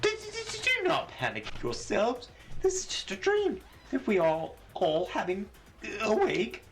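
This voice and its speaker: A man's voice: a little high, wildly swooping pitch, unhurried, creaky, soft background music, voice pushed up, heavily acted. A man putting on a vain bragging pirate captain. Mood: flustered. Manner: theatrical, boastful, grandiose. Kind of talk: reading game dialogue aloud.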